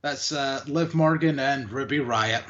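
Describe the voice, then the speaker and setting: A man's voice: medium pitch, a little slow, fairly bright tone, lo-fi sound. A man co-hosting a wrestling podcast, recapping matches in a casual, rambling way with lots of fillers. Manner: rambling, hesitant with many fillers.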